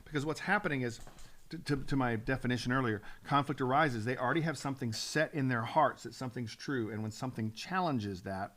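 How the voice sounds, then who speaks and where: A man's voice: medium pitch, fairly quick, a bit bright. Earnest man teaching scripture. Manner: earnest, builds up steam, frequent restarts. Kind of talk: Bible teaching on a talk show.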